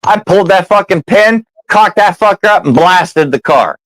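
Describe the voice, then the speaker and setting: A man's voice: sits high, moderate pace, no room sound, poor audio. A man telling a story in casual chat, swearing freely and acting out the people in it. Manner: profane, animated storyteller.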